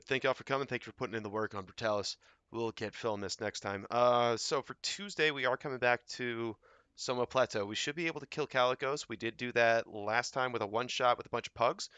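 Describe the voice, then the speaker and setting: A man at his computer gives a brisk, matter-of-fact wrap-up to his raid group. His voice is bright and forward at a mid pitch. The sound is close and dry, with no room around it. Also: smooth, no echo. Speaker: raid leader and streamer. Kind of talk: casual post-raid wrap-up to guild and stream.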